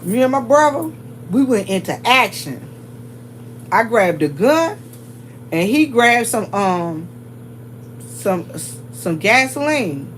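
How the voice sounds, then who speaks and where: A woman with a Southern US accent, chatting to her viewers in an animated, storytelling way and laughing often. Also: fairly high pitch, slow, pauses often, slight background noise, poor audio. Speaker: vlogger.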